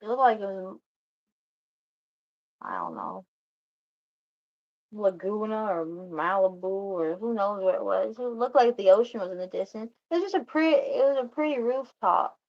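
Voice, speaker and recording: A woman's voice: mid-range voice, moderate pace, pauses often, muffled recording. A woman telling a personal story in a meandering, self-interrupting way, often laughing and stopping to restart her sentences.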